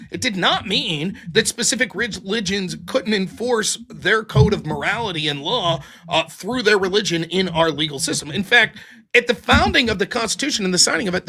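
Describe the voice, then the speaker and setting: Animated American man arguing his point. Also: high-pitched, husky. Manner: argumentative, lively, acts out quoted voices. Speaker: livestream host. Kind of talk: heated political debate.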